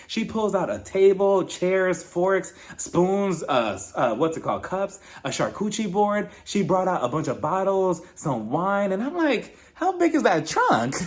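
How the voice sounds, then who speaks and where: A man giving a casual, gossipy recap of a reality TV episode, sassy and quick to laugh. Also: high-pitched.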